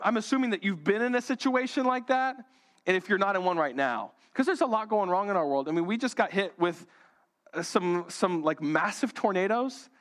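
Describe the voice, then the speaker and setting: A man's voice: high voice, fairly bright tone. A young man giving a sermon as a rambling personal story, talking casually with lots of fillers. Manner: rambling, conversational, many fillers. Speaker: pastor.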